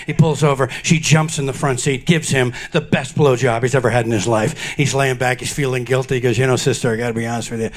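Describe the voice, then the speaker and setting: Steady man telling a dirty joke. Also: medium pitch, quick pace, hardly any pauses. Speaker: comedian at a memorial show. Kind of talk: telling dirty jokes among friends.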